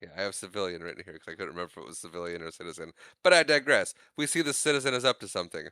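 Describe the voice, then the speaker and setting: A man co-hosting a podcast, recapping a movie in casual chat, laughing often and slipping into quick character voices. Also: low voice, lively intonation, pushed and bright, clean tone, dry recording. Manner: chatty, laughs often, does quick character voices while retelling scenes. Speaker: podcast co-host.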